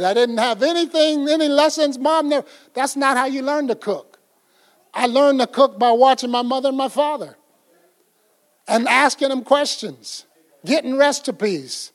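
A man's voice: extremely high pitch, normal speed. An older man preaching a folksy, conversational sermon, acting out little scenes as he goes. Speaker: pastor.

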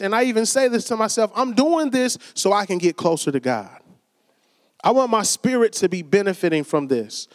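A man preaching a casual, conversational sermon in a church, calling for amens and acting out quoted voices. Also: sits high. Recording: long reverb of a church hall.

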